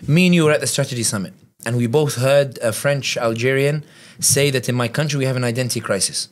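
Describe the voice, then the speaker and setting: A man from the United Kingdom giving lively conversational analysis as a podcast guest, often acting out quotes. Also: medium pitch. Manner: animated, quick, acts out quotes in other voices. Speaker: guest commentator.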